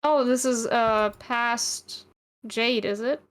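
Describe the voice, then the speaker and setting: Woman guest co-reader, slightly high voice, plain narration with wry asides. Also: slow, a bit bright, clean tone. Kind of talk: casual live read-along chat.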